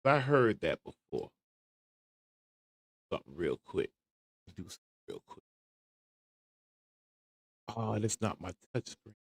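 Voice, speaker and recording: A man's voice: lowish voice, sing-song, takes it slowly, gravelly, long pauses, slightly rough, no room sound. A man hosting a casual livestream commentary show, chattily talking himself through searching for a clip. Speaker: show host.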